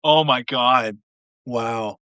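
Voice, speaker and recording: A man's voice: mid-range voice, extremely slow, pushed and bright, smooth, no room sound, clean studio sound. Laid-back, rambling man hosting a chat. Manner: rambling, full of restarts and "you know", laid-back. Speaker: podcast host. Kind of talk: casual conversation.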